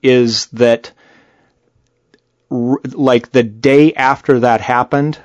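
A man with a mid-range voice co-hosts a podcast, chatting about politics casually, bluntly and animatedly, cursing freely. He speaks slowly, and the audio is dull with no room sound.

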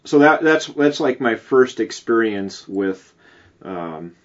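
A man's voice: medium pitch, animated, slow, muffled recording. A man co-hosting a podcast, chatting casually and rambling through stories with many "like"s. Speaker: podcast co-host. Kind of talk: casual chat.

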